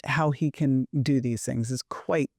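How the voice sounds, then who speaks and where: A woman's voice: rumbling low, a little slow, a little mellow, dry recording, studio quality. Chatty woman podcast guest. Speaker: podcast guest, nutrition expert. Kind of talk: casual conversation.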